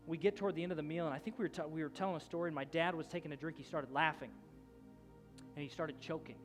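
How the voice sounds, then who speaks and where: A man's voice: on the high side, fairly even intonation, quick pace, over music. A man in his thirties preaching a sermon as a pastor, telling a story in a loose conversational way with many restarts. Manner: storytelling, rising to loud shouting at the climax.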